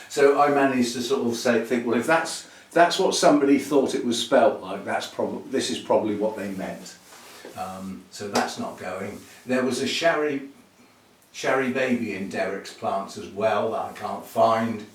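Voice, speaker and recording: A man, hosting a chatty orchid video, thinking aloud with little chuckles as he packs and repots plants. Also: medium pitch. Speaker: orchid channel host. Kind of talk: casual chat while packing and repotting plants. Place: indoor room, working with plants. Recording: roomy, somewhat distant, faint noise.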